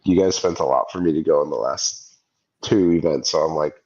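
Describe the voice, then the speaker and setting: His voice is very deep with a breathy edge, moving fairly quickly through lo-fi sound. A man in his thirties, he co-hosts a podcast and tells a story in casual chat, animatedly performing the voices of the people in it.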